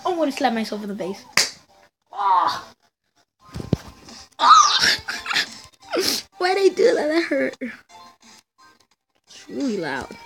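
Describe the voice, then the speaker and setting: High-pitched shrieking young gamer woman. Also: very animated, measured pace, pauses often, music in the background. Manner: shrieks and groans, talks to viewers. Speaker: gaming channel host. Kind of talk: frustrated gameplay commentary.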